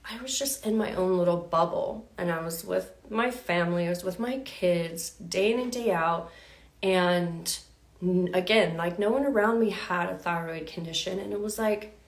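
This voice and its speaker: A woman in her thirties, a health coach, telling her own story to viewers in a lively, chatty way, full of fillers and acted-out quotes. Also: lowish voice, moderate pace. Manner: animated, acts out quoted voices, many fillers.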